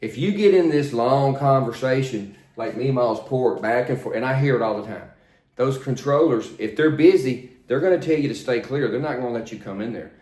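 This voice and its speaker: An older man working as a flight instructor, coaching in a plain, steady, repetitive way. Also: mid-range voice, brisk. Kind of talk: spoken instruction, demonstrating radio calls. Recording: roomy echo.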